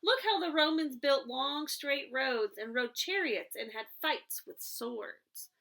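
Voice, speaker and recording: A woman's voice: high-pitched, lively intonation, takes it slowly, creaky, sharp tone, exaggerated voice. A woman voicing a patient older brother, a young boy coaxing his little sister.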